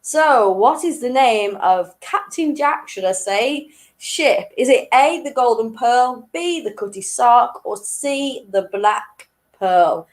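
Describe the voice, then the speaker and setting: Slow-speaking woman quiz host. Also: a little high, lively intonation. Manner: reads each question twice, slowly and clearly; chatty, laughs at her own jokes. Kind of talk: hosting an online weekly quiz.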